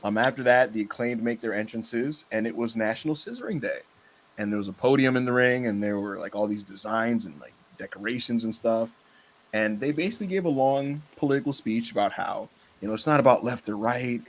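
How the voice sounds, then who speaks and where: A man's voice: mid-range voice, a little fast. Man, podcast host, loose rambling recap voice with fillers and casual swearing. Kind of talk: casual wrestling podcast chat.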